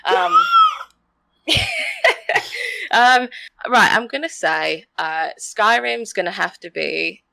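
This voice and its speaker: A woman's voice: mid-range voice, expressive, slow, creaky, pauses often, bright, forceful tone, slight background noise. A woman in her thirties from Australia, with a mixed Australian, English and Canadian accent, chatting casually on a podcast with lots of fillers and laughs. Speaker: podcast co-host.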